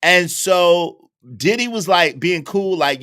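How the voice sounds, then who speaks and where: Male host, casual recap commentary, fairly high-pitched, expressive storyteller. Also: slow pace, clear, resonant tone. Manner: animated storytelling, acting out quoted voices.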